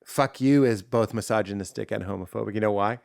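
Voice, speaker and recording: A man's voice: fairly low pitch, fairly quick, creaky, no room sound, studio quality. A man who is a comedian guest on a podcast, riffing playfully in casual chat. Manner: riffing, animated, playful emphasis.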